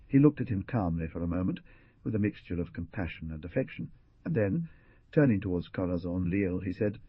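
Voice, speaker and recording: Husky, low-voiced audiobook narrator man. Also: no room sound, dull audio. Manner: dramatic, expressive reading. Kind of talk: scripted narration.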